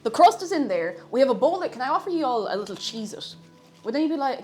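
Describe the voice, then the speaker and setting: A woman's voice: fairly high pitch, sing-song, fast talker, darkish tone, faint music behind. A young woman, chatting casually with viewers on a live cooking stream. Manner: chatty, greets viewers, makes silly animal noises.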